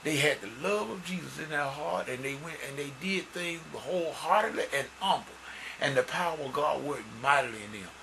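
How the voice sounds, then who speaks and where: A man giving an informal sermon and reading scripture, earnest and folksy, growing louder and higher as he builds. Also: a little fast, gravelly, slight background noise, poor audio. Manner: folksy, repeats words and restarts. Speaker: church musician and lay preacher.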